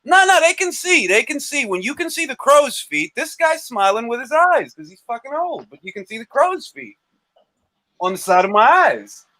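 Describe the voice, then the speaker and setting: A man co-hosting a casual boxing talk livestream, animated and repeating himself for emphasis. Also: very high-pitched, moderate pace, no echo. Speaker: boxing show co-host.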